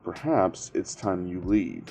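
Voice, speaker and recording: A man's voice: sits low, expressive, slow, creaky, warm tone, faint music behind, exaggerated voice. A man voicing a cold, blunt teenage boy with magnetic powers, who talks curtly and swears. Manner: curt and profane.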